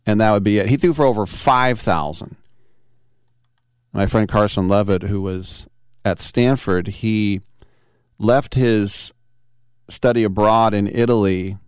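A man's voice: lowish voice, a little slow, long pauses, clear, resonant tone, no echo, studio quality. A man hosting a sports talk radio show, chatting casually in a rambling, jokey way. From Bay Area. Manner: rambling, jokey, self-mocking.

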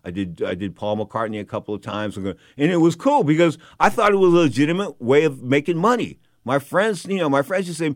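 A man's voice: a little high, big pitch swings, fairly quick, few pauses, dry recording, studio quality. An older man, a former boxer, talking casually and rambling through stories, repeating himself often. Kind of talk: casual monologue.

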